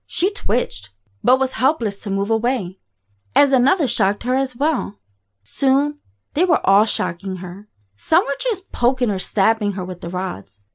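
A woman reading a graphic horror story aloud in a steady, matter-of-fact way. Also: fairly high pitch, a little slow. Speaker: narrator. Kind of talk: scripted horror story narration.

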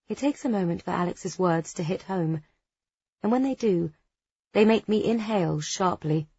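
A woman narrating a first-person novel as an audiobook, with a measured, expressive delivery. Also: on the low side, breathy edge, no room sound. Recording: dull, dry studio recording.

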